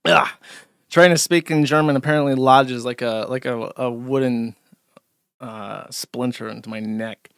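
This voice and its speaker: A man's voice: mid-range voice, fairly even intonation, unhurried, a bit bright, clean tone, dry recording, studio quality. A male host giving a rambling, sarcastic livestream commentary with frequent restarts.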